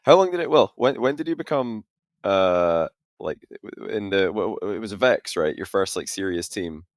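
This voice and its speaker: Deep-voiced podcast co-host, easygoing. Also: male voice, animated, normal speed, dry recording, clean studio sound. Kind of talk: casual chat.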